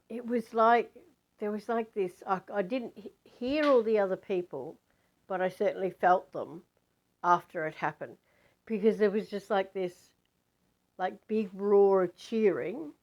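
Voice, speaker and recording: A woman telling a spiritual story in a chatty, rambling way, with many fillers and restarts. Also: lowish voice.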